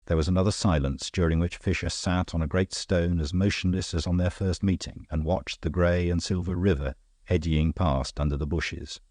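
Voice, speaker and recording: A man narrating an audiobook in a steady, measured reading style. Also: sits low, dry recording. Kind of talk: scripted narration.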